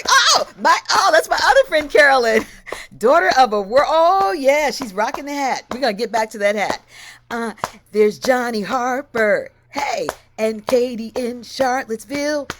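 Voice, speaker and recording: A woman hosts a livestream from home, greeting her viewers one by one with bursts of delight. Her voice sits a little high and she takes her time. Faint noise runs under the video call. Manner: effusive, exclamatory greetings. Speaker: host.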